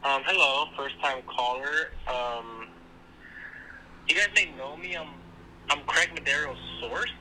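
A male caller leaving a voicemail, his bright voice at an ordinary pitch. He speaks haltingly with deadpan humor, and faint noise sits under the line. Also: low-quality recording. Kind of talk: voicemail message.

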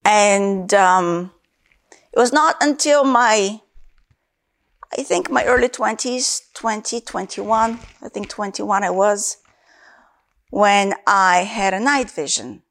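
A woman's voice: medium pitch, slow pace, fairly bright tone. A woman from Africa, a Christian minister, giving an earnest sermon with her personal testimony and repeating key phrases for emphasis.

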